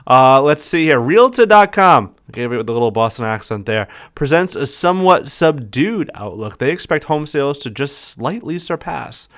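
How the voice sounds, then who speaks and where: Male podcast co-host, smooth clear voice, upbeat, reads figures and throws questions to his partner. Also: medium pitch, animated, normal speed, few pauses, a bit bright. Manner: upbeat, reads market forecasts aloud and quizzes his partner. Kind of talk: casual podcast chat.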